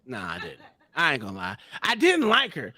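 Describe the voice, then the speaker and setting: Podcast host, male, crude storyteller, lively bright voice, laughs often. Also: medium pitch, normal speed, no echo. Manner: loud, profane, laughing through stories.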